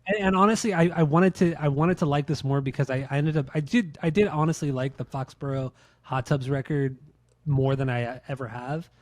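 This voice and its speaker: A man's voice: a little high, brisk, darkish tone. A man in his late thirties chats casually on a podcast, blunt and full of swearing, circling back to repeat his points. The sound is dry and close, with no room echo. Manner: blunt, profane, repeats himself when making a point. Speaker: podcast co-host. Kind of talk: casual podcast chat, ranking albums.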